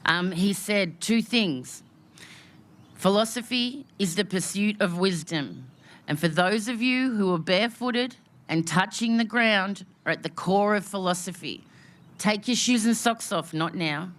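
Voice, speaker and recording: Speaking at a measured pace in a medium-pitched, fairly bright voice, an Australian woman opens an outdoor memorial gathering. Her welcome is heartfelt and emotional, with phrases repeated rhythmically.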